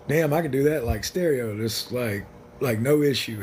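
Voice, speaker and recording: A man with a medium-pitched, darkish voice hosts a casual livestream, talking to viewers at normal speed. He's blunt, rambling and jokey, and there's slight background noise.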